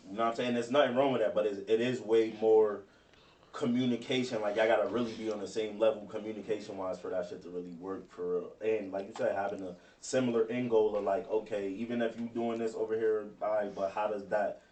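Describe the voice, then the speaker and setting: Low-voiced man, roomy and distant. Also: steady tone, fast, darkish tone, a little hiss or hum. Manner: loose, rambling slang with frequent restarts. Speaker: podcast co-host. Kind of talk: casual chat. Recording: roomy sound from a distance with faint ambience.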